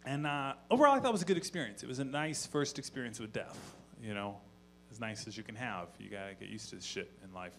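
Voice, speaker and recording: A man performing stand-up into a stage mic, with a middling pitch and a deadpan, conversational delivery. He tosses in profane asides as he tells his stories. A faint electrical hum sits under the voice. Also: quick pace, gravelly, hardly any pauses. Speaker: stand-up comedian. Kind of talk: stand-up comedy set. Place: live comedy venue on stage.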